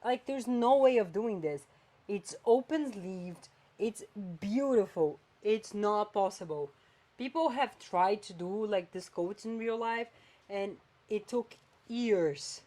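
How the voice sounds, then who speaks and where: A woman's voice: medium pitch, slow. Chatty woman podcast host. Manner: animated, chatty, swings between flat and emphatic. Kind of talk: casual chat.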